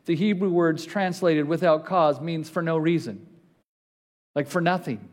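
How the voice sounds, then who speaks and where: A man preaching a sermon, reading scripture aloud and slowing down on key words for emphasis. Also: on the high side, a little mellow. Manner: reads scripture aloud with rising intensity, slows for emphasis. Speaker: pastor.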